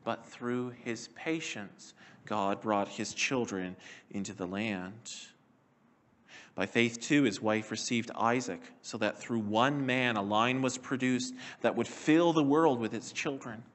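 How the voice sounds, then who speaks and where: Measured, earnest male preacher. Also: mid-range voice, fairly bright tone. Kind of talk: sermon.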